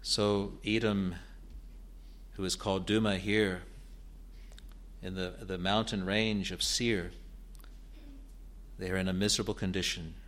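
A man preaching an expository sermon in a deliberate, earnest way, building to emphatic rises. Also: low-pitched, level tone, a bit bright.

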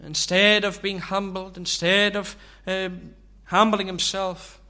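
A preacher delivers his sermon at an unhurried pace. His voice sits a little high and rings bright. He leans on slow, searching rhetorical questions. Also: level tone, clear, resonant tone.

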